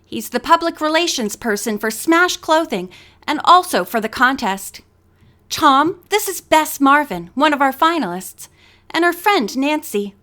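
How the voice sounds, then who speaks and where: A woman's voice: sits high, very animated, a little slow, sharp tone, heavily acted. Friendly confident magazine columnist lady done by a woman reading aloud, breezy.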